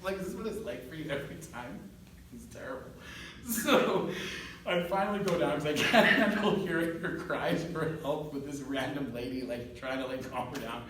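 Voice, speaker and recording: A man's voice: a little high, normal speed. A man tells a rambling story in easy conversation, laughing as he goes and acting out everyone's lines. He is heard from a distance in a very echoey room. A faint hiss of noise sits under his voice. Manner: animated, laughs often, acts out quoted voices. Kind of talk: casual storytelling.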